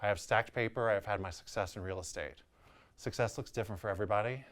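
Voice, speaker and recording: A man's voice: on the low side, quick pace. A man in his thirties with a New Orleans accent, telling a personal story candidly and acting out the people in it. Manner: animated, candid, quotes people in their voices. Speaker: real estate agent.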